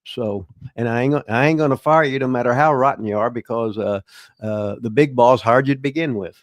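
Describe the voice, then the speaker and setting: An older man spins rambling stories in a casual live chat, his voice sitting in a middling pitch. He stops and restarts often, leaning on fillers and chuckling now and then. The sound is close and dry, with no room around it. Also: fairly quick, no echo. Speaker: host, veteran wrestler and former booker.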